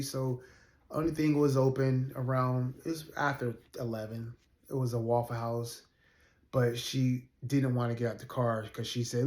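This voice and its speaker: A man's voice: medium pitch, fairly even intonation, moderate pace. A man in his forties, a rideshare driver, telling a personal story in a casual, earnest way, with many fillers and restarts. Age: 40s. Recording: roomy echo.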